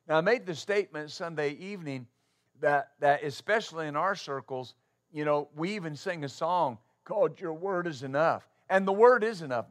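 Male pastor, sermon delivery, slightly high voice, emphatic rhetorical style. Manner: emphatic preaching with rhetorical questions, building to loud stresses; halting with uh fillers when starting.

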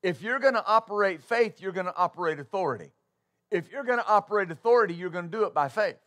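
Pastor guy preaching, kinda high voice for a man, hits points hard w questions. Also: animated. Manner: emphatic preaching with rhetorical questions, building to loud stresses; halting with uh fillers when starting. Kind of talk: sermon.

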